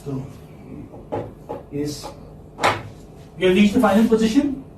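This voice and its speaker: A man with a high voice teaches English sounds to a class, drawing each word out slowly and saying it again and again. He stands some way from the mic in an echoey classroom, with a faint hiss behind him. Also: sing-song, distant mic. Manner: slow, repeats words for students to copy. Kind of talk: classroom lecture.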